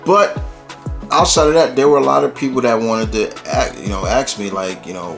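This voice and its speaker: A man's voice: mid-range voice, expressive, normal speed, vocal fry, soft background music. A man from New York hosting his own channel, chatting loosely about wrestling with lots of fillers. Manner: loose, rambling, many fillers. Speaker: YouTube host. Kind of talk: casual wrestling commentary vlog.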